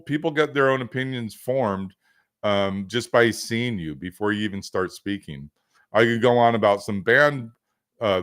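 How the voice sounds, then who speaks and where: A man's voice: on the low side, fairly bright tone, smooth. Man coaching off the cuff on a livestream. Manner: casual, rambling, filler-heavy with joking asides. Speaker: business coach hosting a livestream.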